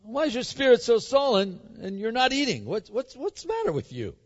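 A scheming queen coaxes and commands in a loud, raised voice, as a preacher acts her out. The recording is dull and carries a long hall echo. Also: very high-pitched, wildly swooping pitch, voice pushed up, exaggerated voice. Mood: coaxing. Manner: coaxing, brisk and commanding. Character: bossy coaxing queen, scheming wife. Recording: echoey hall, dull sound.

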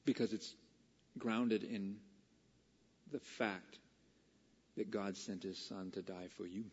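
A man preaching a casual, conversational Bible study sermon that builds to excited, emphatic peaks. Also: on the low side, slow, slightly rough, in a large hall, highs cut off.

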